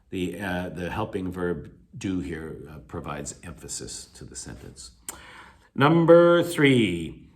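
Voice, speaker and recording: Male teacher lecturing with a lowish voice. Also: very animated, takes it slowly. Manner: explanatory, repetitive, many fillers and self-corrections; emphatic, encouraging. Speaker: English teacher. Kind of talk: recorded video lecture.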